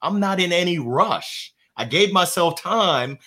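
Animated, bright-voiced man on a podcast. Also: a little slow, hardly any pauses. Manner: animated storyteller who laughs often and jumps in pitch for emphasis. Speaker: guest, motivational speaker and sales coach. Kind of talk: casual podcast conversation.

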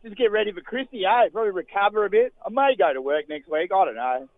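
A man's voice: sits high, expressive, quick pace, dry recording. A man playing a laid-back Australian holidaymaker with an Australian accent who rambles and trails off, calling in. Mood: rambling. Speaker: caller. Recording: tinny phone line.

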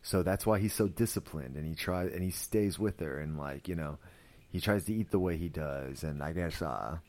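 Casual male podcaster with a deep voice, rambling, filler-heavy, profane recap. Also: normal speed, darkish tone. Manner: rambling, full of "like" and "you know", swears freely. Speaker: podcast host reviewing a series.

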